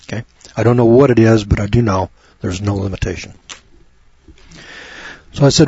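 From a home studio on a rural property, a man hosts a chatty, folksy Bible teaching program, addressing listeners by name. His fairly low voice is warm with a breathy edge, at normal speed with frequent pauses, in a dull, lo-fi, dry recording with no echo.

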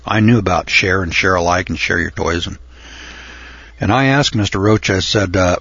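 An older man telling a folksy, rambling story from his youth, often pausing with uh and clearing his throat. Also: sits low, a bit bright, no echo, highs cut off. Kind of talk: folksy spoken reminiscence.

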